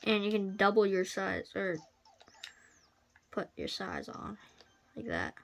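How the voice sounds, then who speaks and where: A woman's voice: medium pitch, big pitch swings, slow pace, gravelly, fairly bright tone. A woman giving casual, playful commentary while playing a video game, often crying out at what happens. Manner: playful, exclaims and cries out at the game.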